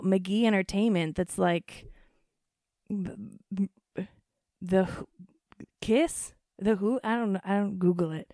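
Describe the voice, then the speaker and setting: A woman hosting a podcast in casual chat, gushing and excitable, swearing freely and full of fillers. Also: mid-range voice, takes it slowly, pauses often, dry recording, studio quality.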